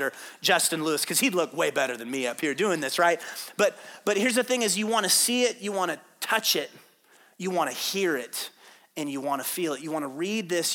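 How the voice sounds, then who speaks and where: A man's voice: a little high, pushed and bright. A male pastor preaching a sermon in an informal way, reading scripture aloud, joking and putting questions to the audience.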